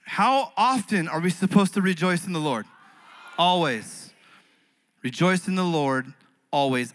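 A man preaching as a pastor, earnest, swinging between fervent rises and quiet, intimate passages. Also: fairly high pitch, animated, measured pace, long pauses, rough recording. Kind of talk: sermon. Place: church stage.

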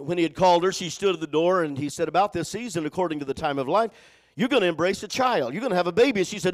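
A man preaching a sermon, telling a Bible story and calling on his congregation to answer, moving between loud exhortation and hushed storytelling. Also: high-pitched, animated, fast. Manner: preaching with call-and-response to the congregation; repeats words when starting phrases. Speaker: pastor.

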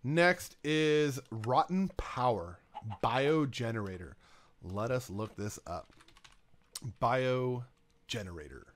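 A man's voice: medium pitch, animated, takes it slowly. Rambling man narrating his gameplay. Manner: talks to himself and game items, rambling. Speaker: gaming YouTuber. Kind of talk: casual let's-play commentary.

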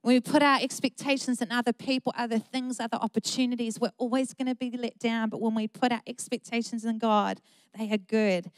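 A woman's voice: fairly high pitch, fairly even intonation, fairly quick, no room sound. A middle-aged woman pastor, preaching an earnest, emphatic sermon with repeated phrases.

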